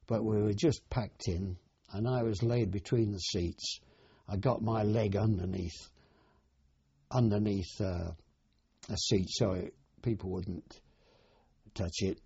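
An older man recalls his war years in a slow, plain way, his low voice dark and gravelly. It sounds deeply husky, caught on a dull, dry archive recording. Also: no room sound. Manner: plain, unhurried storytelling. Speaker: war veteran interviewee. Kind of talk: oral history reminiscence.

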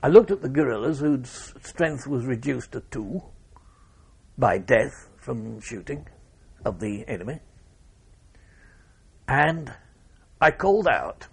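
An older man, telling an interviewer his wartime memories in a measured way, with pauses and restarts. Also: medium pitch, lively intonation, gravelly, breathy edge. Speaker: war veteran interviewee. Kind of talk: oral history interview.

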